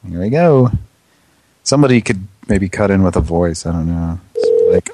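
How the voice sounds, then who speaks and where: Male radio host, low animated voice, joking casual banter. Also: normal speed, a little hiss or hum. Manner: goofy, joking, puts on silly voices. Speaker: radio prank call show host.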